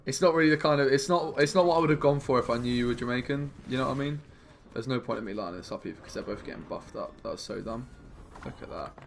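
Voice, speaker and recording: A man's voice: medium pitch, quick pace, gravelly, few pauses, a little hiss or hum. A young man streaming a card game, chatting casually with his viewers and muttering about his plays. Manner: chatty, laid-back, mumbles asides to himself.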